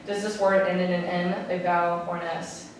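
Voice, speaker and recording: A woman's voice: fairly low pitch, little pitch movement, normal speed. A woman teaching a classroom lesson, patiently repeating her questions and stretching out words to show where the stress falls. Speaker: Spanish teacher. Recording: echoey classroom, taped from a distance, noisy.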